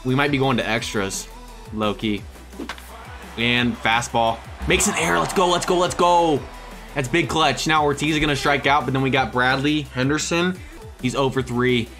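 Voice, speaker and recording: Excitable young man commentating his own game. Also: medium pitch, normal speed. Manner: excitable, swings between hype shouts and muttered asides. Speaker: gaming YouTuber. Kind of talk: excited live gameplay commentary. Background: background music.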